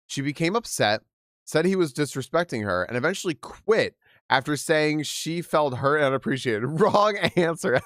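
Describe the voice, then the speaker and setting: A young man on a livestream reads a post aloud and reacts in loose, casual chat. He laughs often and stumbles through quick restarts. His average-pitched voice sounds close and dry, with no room around it. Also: a bit bright, no room sound. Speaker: livestream host.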